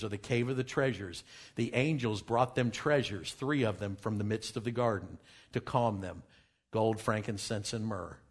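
A man telling a dramatic first-person story while pointing out pictures, dropping to hushed tones for quoted exchanges. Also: fairly low pitch. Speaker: speaker presenting travel findings. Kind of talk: storytelling talk with slides.

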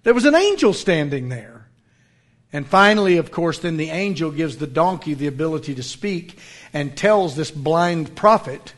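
Fervent preacher, loud then hushed. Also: male voice, fairly high pitch, animated, moderate pace. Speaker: pastor. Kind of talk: sermon.

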